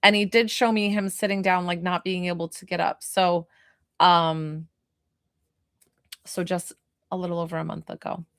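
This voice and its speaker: A woman's voice: fairly low pitch, flat delivery, normal speed, pauses often, a bit bright, no echo, studio quality. Chatty woman medium on a live stream. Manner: chatty, emotional, laughs often. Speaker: spiritual medium and healer. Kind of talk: casual live-stream reading.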